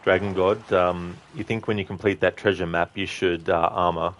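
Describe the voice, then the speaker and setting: Deep-voiced relaxed man chatting on stream. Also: normal speed, dull audio, a little hiss or hum. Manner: relaxed, friendly, rambling with fillers. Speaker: game streamer. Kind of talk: casual chat with viewers over gameplay.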